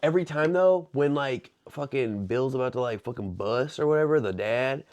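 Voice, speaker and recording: A man co-hosting a film review podcast in casual chat, profane and excitable, retelling the plot and riffing on jokes. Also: mid-range voice, moderate pace, dull audio.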